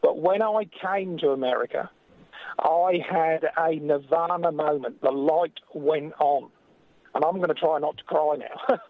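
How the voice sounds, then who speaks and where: An English man calls in to a talk radio show, his voice sitting a touch high and coming through a thin, phone-like line. He speaks earnestly and with deep feeling, and the audio is dry and close. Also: no room sound. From England. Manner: earnest, impassioned, slows when emotional. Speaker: caller. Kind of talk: call-in radio.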